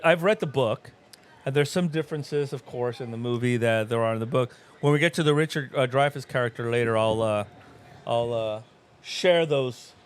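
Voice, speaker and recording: A man's voice: medium pitch, clear, resonant tone. A middle-aged man co-hosting a casual movie watch-along, rambling through film trivia and laughing often. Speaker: podcast co-host.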